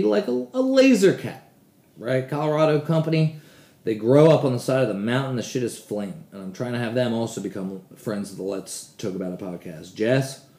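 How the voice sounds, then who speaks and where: A man's voice: on the low side, dark tone, roomy sound. A man hosting a casual solo podcast, rambling and swearing freely as he talks, often poking fun at himself. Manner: rambling, profane, self-deprecating. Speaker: podcast host.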